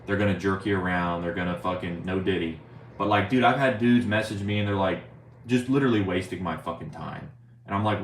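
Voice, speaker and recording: A man's voice: low voice, fairly quick. A young man chatting casually on a live stream, rambling and swearing, often saying "bro" and reading viewer chat aloud. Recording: roomy, faint ambient noise.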